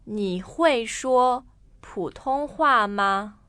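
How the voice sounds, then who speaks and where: A woman co-hosting a language lesson, speaking phrases slowly and clearly for learners to repeat. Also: on the high side, a bit bright, no room sound. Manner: clear, deliberate repetition. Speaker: native-speaker co-host. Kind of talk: slow model pronunciation for learners.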